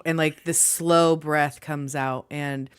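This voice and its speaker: A woman playing a tabletop game, describing her character's movements in a relaxed, descriptive way. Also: low voice, slow, clean tone, no echo, clean studio sound.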